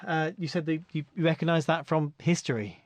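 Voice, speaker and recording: Relaxed man hosting a podcast. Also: fairly high pitch, brisk, no echo. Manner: relaxed, many uh and um. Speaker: podcast host. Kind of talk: casual chat introducing old records.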